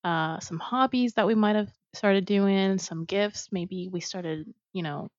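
A woman's voice: mid-range voice, measured pace, no echo. A woman co-hosting a podcast in casual chat, hesitant with many fillers. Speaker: podcast co-host. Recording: dull, muffled audio.

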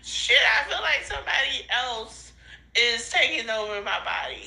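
A woman's voice: a little high, moderate pace, creaky, bright, forceful tone, low-quality recording. A woman rambling in phone voice notes to a friend, swearing a lot, laughing and crying in turns and losing her train of thought. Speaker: podcast host sending voice notes. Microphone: phone voice memo.

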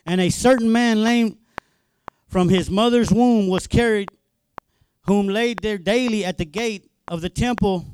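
A man preaching with an unusually high voice for a man. He talks in a loose, colloquial way and stumbles over repeated words as his excitement builds. A faint hiss sits under the recording. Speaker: minister. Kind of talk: sermon.

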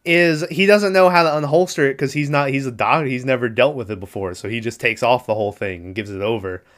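Young man, podcast host, casual movie recap, animated, swears a lot, mid-pitched voice. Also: fast talker. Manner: animated retelling, acts out quotes, swears freely. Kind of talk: casual chat.

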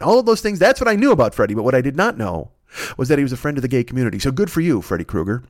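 A man talks fast and loose, cursing his way through a comic rant, tripping over his words and restarting. His voice sits mid-range, and the mic is close and dry. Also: mid-range voice, sing-song, no echo. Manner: rambling, self-interrupting, swears constantly. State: recovering from a cold. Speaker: podcast host. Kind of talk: profane comedic monologue.

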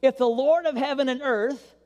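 A male pastor giving an animated, playful sermon and acting out voices, recorded with long hall reverb. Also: very high voice, normal speed, lo-fi sound.

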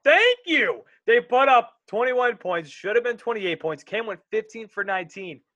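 A young man co-hosting a casual sports podcast, rambling and animated, often interrupting himself. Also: high voice, moderate pace, no echo, muffled recording.

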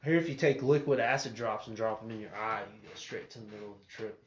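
A man's voice: fairly low pitch, fast talker. A young man with a Texan accent telling a long, profane story in casual chat, laughing often and acting out quotes. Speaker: podcast co-host. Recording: echoey room, muffled audio, faint hiss.

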